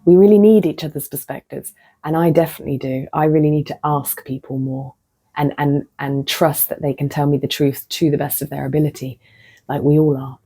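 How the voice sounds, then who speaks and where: A woman vlogging in a low, husky, mellow voice. She tells her own story candidly and laughs at herself. Her voice slips into soft near-whispers now and then. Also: fairly even intonation, a little fast. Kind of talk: casual reflective monologue.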